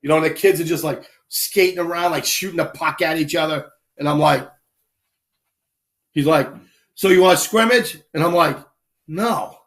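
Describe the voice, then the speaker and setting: A man casually telling animated anecdotes on a live stream, acting out quick voices as he goes. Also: a little high. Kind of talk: casual storytelling.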